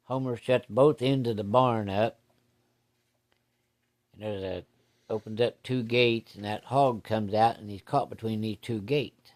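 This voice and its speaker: A man's voice: on the low side, a little slow. A man telling a personal story from his childhood in a rambling, folksy, plain-spoken way.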